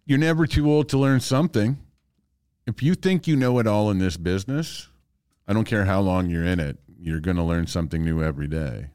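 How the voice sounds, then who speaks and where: A man who is a stand-up comedian, a guest in a casual chat, talking in a relaxed, reflective way and swearing casually. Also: low voice, a little fast, clean tone, dry recording, clean studio sound.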